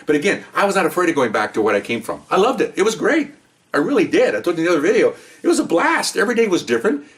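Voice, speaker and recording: An older man, a retired police officer, telling stories in an animated, emphatic way, acting out the dialogue and often checking in with the listener. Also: high voice, racing, recorded from a distance. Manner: animated, emphatic, acts out quoted dialogue, keeps checking in with "okay?". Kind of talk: casual storytelling.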